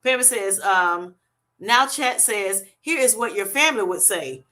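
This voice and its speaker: A woman's voice: medium pitch, lively intonation, unhurried, sharp tone. A woman hosting a casual livestream, reading viewer comments aloud, laughing often and calling people honey and baby. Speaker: livestream host reading chat. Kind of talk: casual live chat.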